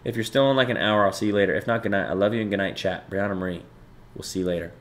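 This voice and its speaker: A man's voice: fairly low pitch, fairly even intonation, racing. A young man in his twenties chatting casually and profanely with his stream viewers, bantering loosely and reading chat aloud.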